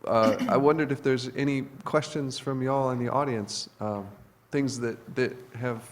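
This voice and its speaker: Man, panel moderator, relaxed and halting, mid-pitched voice.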